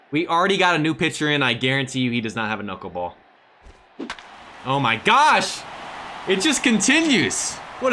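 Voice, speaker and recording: A man casually narrating his mobile baseball game, talking to viewers and cheering loudly at big plays. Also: medium pitch. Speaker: gaming channel host.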